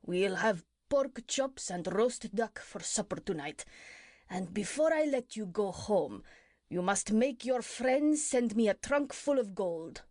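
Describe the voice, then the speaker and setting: A woman's voice: mid-range voice, expressive, takes it slowly, a little mellow, no echo, studio quality. A woman voicing a boastful, villainous male pirate chief who mocks his captive. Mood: gloating. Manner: gloating, mocking.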